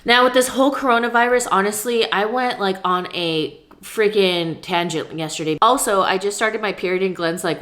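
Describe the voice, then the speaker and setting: A woman's voice: mid-range voice, moderate pace, hardly any pauses, a bit bright. A young woman, talking candidly to the camera at home in a casual vlog while she eats. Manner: chatty, candid, talks between bites of food. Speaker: vlogger. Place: at home, indoors.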